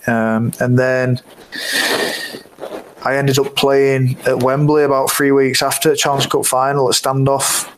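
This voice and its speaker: A young man, chatting as a podcast guest. He rambles through his stories at a middling pitch, full of fillers and "like", and breaks into laughter often. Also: level tone, measured pace, slight background noise, low-quality recording. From England. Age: 20s. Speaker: guest rugby player. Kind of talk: casual anecdote-telling.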